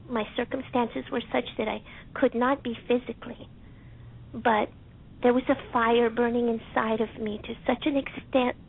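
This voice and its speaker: A woman calling in to a talk show by phone, speaking in a heartfelt, halting and soft-spoken way. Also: fairly high pitch, gravelly, breathy edge. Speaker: caller. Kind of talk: emotional call-in testimony. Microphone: telephone. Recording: tinny phone line.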